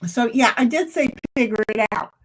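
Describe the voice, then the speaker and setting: A woman's voice: a little high, normal speed, husky. A woman streamer chatting casually with her viewers, rambling and laughing often. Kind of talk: casual live-stream chat.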